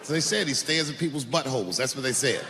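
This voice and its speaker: A man doing live stand-up on a large theater stage. His storytelling is profane and animated, and he shouts his punchlines. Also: mid-range voice, quick pace. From Washington, D.C. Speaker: stand-up comedian. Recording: echoey hall with live audience noise.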